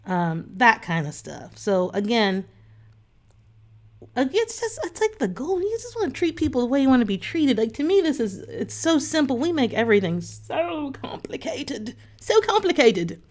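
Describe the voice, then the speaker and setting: A woman's voice: high-pitched, very animated, normal speed. A woman coach, talking casually and earnestly to her online group, with many fillers and restarts. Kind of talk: casual talk to camera.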